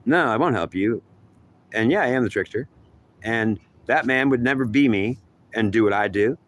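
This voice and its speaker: A man's voice: medium pitch, normal speed, slight background noise. A man in a rambling self-dialogue, arguing back and forth with himself, swearing and repeating himself.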